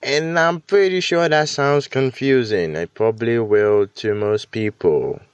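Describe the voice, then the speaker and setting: A man's voice: mid-range voice, a little slow, smooth, dry recording, dull audio. A man hosting a casual solo podcast, rambling and self-deprecating, with many fillers, restarts and casual swearing. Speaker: podcast host.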